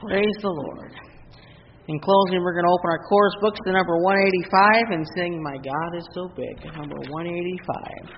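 A man's voice: sits high, normal speed, big-room sound, slight background noise. A man announcing a closing song and leading the congregation in singing it. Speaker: song leader. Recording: dull recording with loud guitar. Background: guitar accompaniment.

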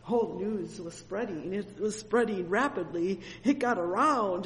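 A woman's voice: medium pitch, measured pace, hardly any pauses. A woman preaching a sermon with fervent exclamations, reading scripture and retelling it. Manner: fervent, frequent exclamations of "oh" and "amen". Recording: long hall reverb with faint ambience.

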